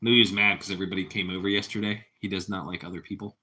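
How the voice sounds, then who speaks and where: A man's voice: low voice, little pitch movement, very fast, bright, forceful tone. A man hosting a casual live stream, rambling easily as he chats with viewers and his cat. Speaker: livestream host.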